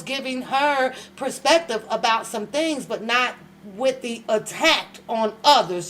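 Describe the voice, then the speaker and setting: A woman's voice: sits high, slight background noise, poor audio. A woman hosting an online commentary show, ranting in a heated, profane, rambling way. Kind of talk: casual reaction commentary.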